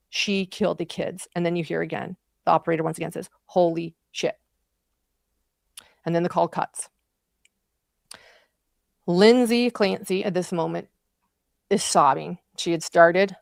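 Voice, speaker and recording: A woman's voice: lowish voice, creaky, no echo, clean studio sound. A woman commentating on a trial, recounting events in vivid, emotional detail. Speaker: true crime commentator.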